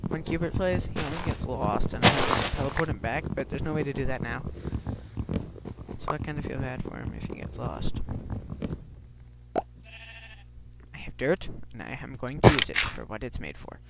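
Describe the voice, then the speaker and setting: A man's voice: mid-range voice, animated, a little fast, creaky. A man commenting on his gameplay as he plays, rambling with lots of ums and yelping when startled. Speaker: let's play host. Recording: loud background noise.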